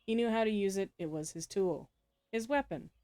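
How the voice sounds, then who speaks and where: A woman's voice: medium pitch, normal speed, a little mellow. A woman playing a story game, reading its text aloud and adding casual comments, often laughing and correcting herself. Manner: frequent laughs and self-corrections while reading. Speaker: game player.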